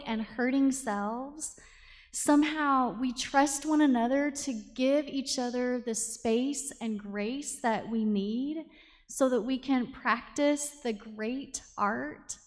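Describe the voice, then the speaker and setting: A middle-aged woman minister delivers a sermon from the pulpit, her voice sitting a little high. She speaks earnestly and deliberately, slowing on the words that matter. A long reverb trails her voice through the church sanctuary.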